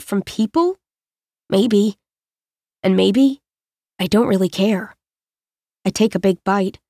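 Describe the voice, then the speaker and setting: A woman narrating an audiobook in the first person, with measured, reflective storytelling on a close studio microphone. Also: mid-range voice, a little mellow, no echo.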